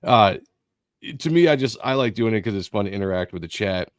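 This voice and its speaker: A man with a fairly low voice hosts a casual live stream. He talks in a relaxed, chatty way, recorded dry and close. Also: a little fast, dry recording. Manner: laid-back, chatty, trips over words. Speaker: host. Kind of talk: casual chat.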